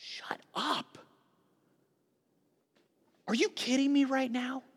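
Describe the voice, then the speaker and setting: A man's voice: high voice, big pitch swings, normal speed, fairly bright tone, heavily acted. A man preaching in a reverberant hall puts on a shocked, indignant male disciple's exasperated outbursts. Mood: incredulous.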